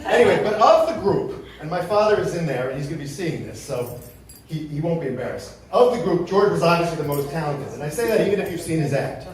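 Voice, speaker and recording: A man's voice: a little high, expressive, fast, background noise. A man giving a joking tribute speech to a friend at a memorial gathering. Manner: joking, sings a Yiddish-laced parody. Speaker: eulogy speaker. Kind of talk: comic tribute speech with singing. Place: memorial gathering in a large room. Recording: echoey hall from far off.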